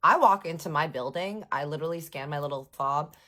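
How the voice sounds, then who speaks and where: A woman telling a personal story in a casual, animated, sarcastic way, with frequent swearing. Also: deep voice, a little fast. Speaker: vlogger.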